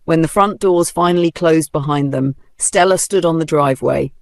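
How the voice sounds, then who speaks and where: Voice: mid-range voice, normal speed, no echo, clean studio sound. A narrator telling a dramatic folktale in a vivid storybook style.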